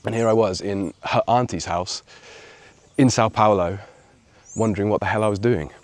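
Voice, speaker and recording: An English man in his thirties telling a personal story on his video channel, reflective and lively when he acts out what others said. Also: lowish voice, moderate pace, dry recording. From England. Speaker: vlogger.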